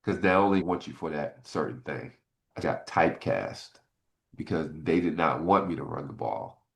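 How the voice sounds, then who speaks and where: A middle-aged man, a former football player, telling stories in a casual interview and getting animated as he recalls his frustrations. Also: normal speed, vocal fry. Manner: animated, jumps high in pitch when retelling frustration.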